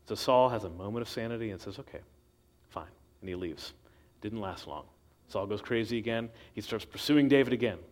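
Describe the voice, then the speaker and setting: A man's voice: fairly low pitch, brisk, darkish tone. Man telling a conversational sermon. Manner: conversational storytelling with acted quotes. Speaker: preacher.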